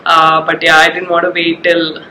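A woman's voice: lowish voice, monotone, moderate pace, pushed and bright, reverberant, a little hiss or hum, poor audio. Nasal woman with a cold. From India. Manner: chatty, many uh fillers. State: has a cold. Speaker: shopping vlogger. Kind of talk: casual shopping haul vlog.

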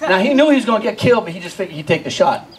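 An animated male stand-up comedian with a high voice tells a story live. He laughs often, acts out scenes and keeps asking the crowd questions. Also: very fast, slight background noise, rough recording.

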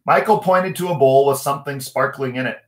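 A man reads a children's picture book aloud, gentle and steady, at a middle pitch. He stops now and then to ask his young listeners questions, and the room around him is noticeably echoey. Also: a little fast. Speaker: storyteller reading to children.

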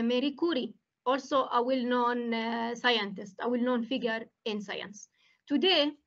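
A woman academic hosting a webinar over a video call, speaking haltingly with many fillers and restarts. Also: a little high, a bit bright, lo-fi sound.

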